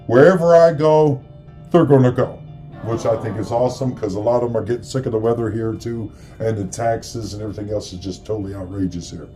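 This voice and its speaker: A man's voice: fairly low pitch, dark tone. A middle-aged man from the area, hosting a casual holiday monologue in a rambling, earnest, profane way. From Chicago area. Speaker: host.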